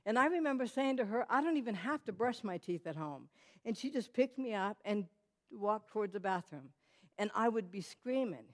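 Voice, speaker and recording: A woman's voice: medium pitch, lively intonation, moderate pace. Lady telling her life story at church, chatty, lots of ums, talks right to the crowd. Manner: conversational storytelling, many fillers and restarts, talks to audience. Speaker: guest speaker. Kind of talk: personal testimony to a church audience. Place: church hall.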